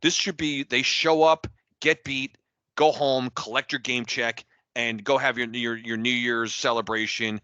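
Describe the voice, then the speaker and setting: A man's voice: fairly even intonation, measured pace, bright, forceful tone, smooth, dry recording. A man co-hosting a casual sports podcast, fired up, stammering and restarting as he rants. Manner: fired-up, stammering restarts, rising pitch when heated. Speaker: podcast co-host.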